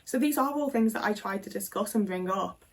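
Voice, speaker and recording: A woman's voice: medium pitch, fairly quick. A woman in her twenties, telling a personal story frankly and casually, swearing often and filling with "like". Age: 20s. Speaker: vlogger.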